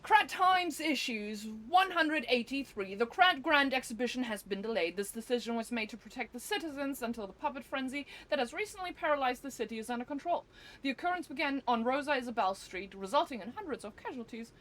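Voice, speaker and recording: A woman putting on a formal newscaster voice to read a news bulletin aloud, measured and stiff. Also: sits high, animated, fairly bright tone, voice pushed up. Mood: mock-formal. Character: mock news anchor reading a bulletin.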